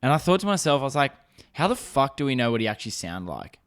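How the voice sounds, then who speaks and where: A man's voice: mid-range voice, sing-song, fast talker. A young man hosting a casual solo podcast, rambling and swearing with lots of fillers, coming down with a sore throat. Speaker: podcast host.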